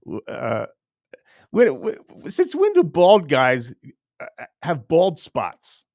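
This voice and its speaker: A man's voice: a little high, wildly swooping pitch, slow pace, a little mellow, no echo, studio quality. A man hosting his own online show, ranting casually to camera in a rambling, teasing way with many restarts. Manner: rambling, repeats words and restarts often, teasing.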